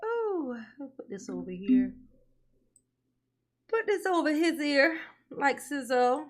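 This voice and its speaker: A playful woman chatting live with her audience at an unhurried, drawn-out pace, her voice pitched a little high. She laughs often and calls her viewers honey and baby as she greets them one by one. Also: animated. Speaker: livestream commentary host. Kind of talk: casual livestream chat with viewers.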